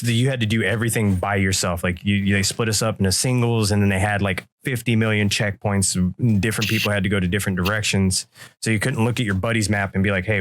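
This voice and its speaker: A man's voice: on the low side, no room sound. A man co-hosting a podcast, telling a story in loose, profane chat and acting out the quoted lines. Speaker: podcast co-host. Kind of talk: casual storytelling.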